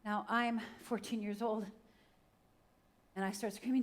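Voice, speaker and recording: A woman's voice: medium pitch, fairly even intonation, normal speed. A middle-aged woman from Upper Michigan giving a personal testimony talk at a church, speaking straight to the audience and acting out the voices in her story. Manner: dramatic storytelling, acts out quotes, addresses audience directly. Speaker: guest speaker. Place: church stage.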